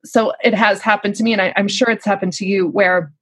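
A woman's voice: mid-range voice, fairly even intonation, a little fast, fairly bright tone, slightly rough, dry recording. A woman working as a lactation consultant, talking in a casual, earnest and encouraging way. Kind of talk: casual podcast conversation.

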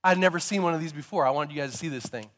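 A man preaching a sermon, telling stories in a lively way and sometimes rising to emphatic shouts. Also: fairly high pitch, racing, long reverb tail. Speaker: pastor.

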